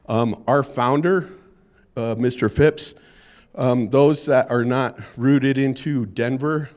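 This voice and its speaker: A man who is a construction safety manager, presenting at a conference in a relaxed, conversational way with frequent fillers. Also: mid-range voice, takes it slowly. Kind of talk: conference presentation with a joke opener.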